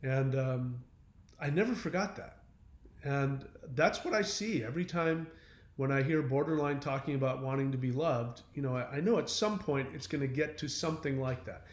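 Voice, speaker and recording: A man's voice: medium pitch, moderate pace, reverberant. A man hosting his own channel, talking through relationship advice in a casual, earnest monologue full of fillers and restarts. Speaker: self-help channel host.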